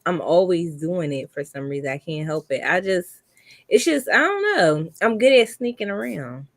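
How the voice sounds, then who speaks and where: A woman's voice: fairly low pitch, big pitch swings, normal speed, no echo, clean studio sound. A woman co-hosting a podcast, talking bluntly in casual slang about games and steering the chat back on topic. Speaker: podcast co-host.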